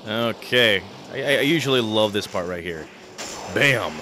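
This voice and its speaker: A man commentating a video game playthrough, chatty and excitable, with frequent stumbles and restarts. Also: on the low side, normal speed, noisy background. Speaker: let's play commentator.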